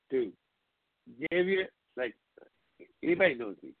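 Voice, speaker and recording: A man hosting a call-in tribute show, telling stories in a casual, animated way, swearing often and acting out his friends' lines. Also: a little high, normal speed, pauses often, a crowd in the background. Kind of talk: casual storytelling chat. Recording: phone-line audio with hiss.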